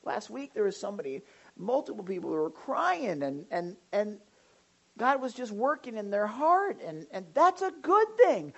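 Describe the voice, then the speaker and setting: A woman pastor preaching a sermon in an animated way, now and then acting out the voices of people in the pews. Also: a little high, a little slow, lo-fi sound. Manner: animated, acts out congregants' voices.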